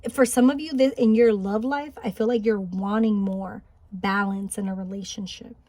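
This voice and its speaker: A woman giving a spiritual pick-a-card reading, gentle and encouraging, thinking aloud with small restarts. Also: medium pitch, fairly even intonation, normal speed, no echo. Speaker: tarot card reader. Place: home, Highland Park, California.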